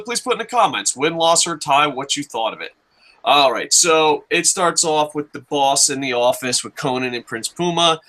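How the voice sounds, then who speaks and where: A man in his thirties hosting a casual wrestling review, excitable and profane, breaking into jokey shouts. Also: a little high. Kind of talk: casual podcast chat.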